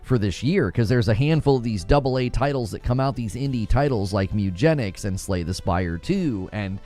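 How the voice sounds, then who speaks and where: A man's voice: fairly low pitch, animated, normal speed, dark tone, soft background music. A man hosting a casual podcast discussion, asking curious questions and often restarting his words. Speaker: podcast host.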